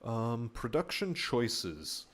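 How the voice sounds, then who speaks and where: A laid-back man talks through a strategy game while streaming. His voice sits at an ordinary middle pitch. He mutters and swears casually as he plays. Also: big pitch swings, very slow, a bit bright. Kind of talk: casual gameplay commentary.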